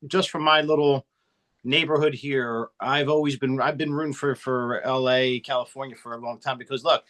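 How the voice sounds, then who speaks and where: A man hosts a casual interview, eager and admiring. He stumbles and restarts as he talks. His voice sits at an ordinary middle pitch. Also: steady tone, a bit bright. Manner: enthusiastic, halting with restarts. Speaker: podcast host.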